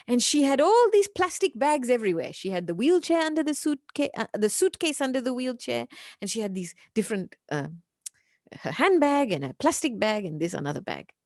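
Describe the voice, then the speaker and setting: Lively gentle British woman teaching. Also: medium pitch, no room sound, clean studio sound. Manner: gentle storytelling, soft whispered asides. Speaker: spiritual teacher. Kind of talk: spiritual class.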